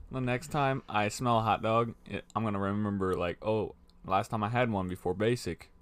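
A man's voice: fairly low pitch, fairly even intonation, moderate pace, smooth. A young man chatting casually with friends, laid back, laughing a lot and trailing off mid-sentence. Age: young adult. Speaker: friend about to leave for basic training. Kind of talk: casual chat among friends.

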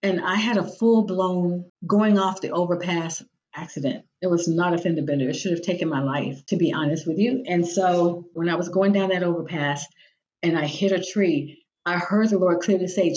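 A woman with a fairly low speaking voice shares personal faith experiences as a podcast guest. She tells her stories vividly and acts out what other people said. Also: moderate pace, a little mellow, dull audio, a little hiss or hum. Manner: vivid storyteller who acts out quoted voices. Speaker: guest, executive director of a nonprofit.

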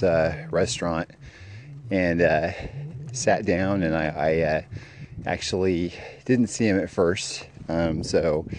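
A man's voice: sits low, darkish tone, a little hiss or hum. A man telling a long personal story in a casual, rambling way, full of fillers and restarts. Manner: rambling with many fillers, mimics other voices.

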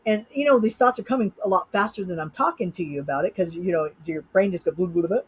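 A middle-aged woman from Utah, USA, appears as a hypnotist guest in an interview and tells a personal story with real animation, acting out her own thoughts. Her mid-range voice is husky and quick-paced, and the recording is rough.

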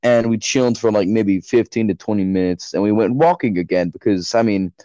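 A man's voice: lowish voice, fairly quick, dark tone, no room sound, lo-fi sound. A teenage young man hosting a podcast, rambling through a profane story in casual chat. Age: late teens. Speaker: podcast host.

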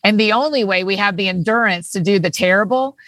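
A woman's voice: medium pitch, brisk, fairly bright tone, dry recording. A woman guest on a podcast, an author, talking casually and agreeing with emphasis. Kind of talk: casual conversation.

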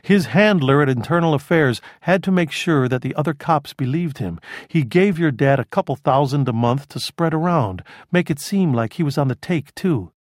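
A man voicing a dry, cerebral middle-aged male criminologist who explains things in a measured way in an audiobook. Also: a little high, expressive, no echo, lightly acted. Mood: explaining. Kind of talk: audiobook character voice.

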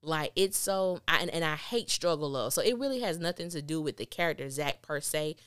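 A woman reviewing a TV episode in casual podcast chat, animated and acting out the characters' lines. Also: low voice, a little fast, clear, resonant tone, no room sound, studio quality. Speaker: TV recap podcaster.

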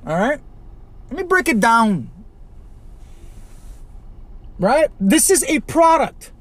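A man from Chicago hosting a podcast, ranting alone with constant swearing, rhetorical questions and sudden loud outbursts. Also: very high-pitched, very animated, slow, no echo. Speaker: podcast host. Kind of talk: profane solo rant.

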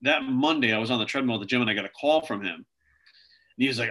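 Fast-talking and sharp-toned, this mid-range male voice belongs to a video creator being interviewed. He rambles casually through his stories, filling them with "like" and "you know."

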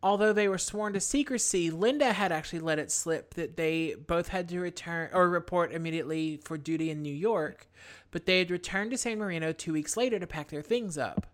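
Low-voiced woman recapping a case. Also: fairly quick. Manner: relaxed, chatty, many fillers. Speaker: podcast host. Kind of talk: casual true-crime recap.

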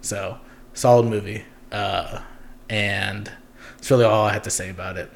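A man's voice: fairly low pitch, fairly even intonation, moderate pace, creaky, a little hiss or hum. A young man hosting a casual podcast chat, rambling with lots of ums and giggles. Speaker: podcast host.

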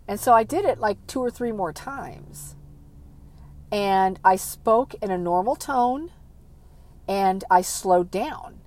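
A woman telling a personal story about caring for her father, speaking emotionally and haltingly with frequent restarts. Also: medium pitch, expressive, darkish tone.

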